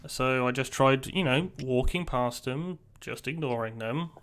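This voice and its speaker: A man's voice: medium pitch, a little slow, a bit bright, clear, resonant tone. A man playing a tabletop game, easygoing and matter-of-fact. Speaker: player. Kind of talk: casual tabletop play, in character.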